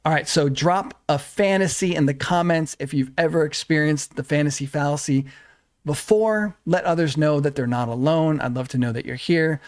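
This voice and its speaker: A man's voice: a little high, moderate pace. Earnest man coaching on a livestream. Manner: earnest, repetitive phrasing with frequent "right?". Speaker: relationship coach. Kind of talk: livestream teaching talk.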